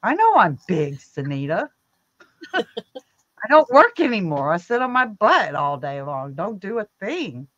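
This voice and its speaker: A woman's voice: mid-range voice, sing-song, measured pace, fairly bright tone, no echo, dull audio. A woman co-hosting a livestream, chatting casually, teasing and often laughing. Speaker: livestream co-host. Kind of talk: casual chat.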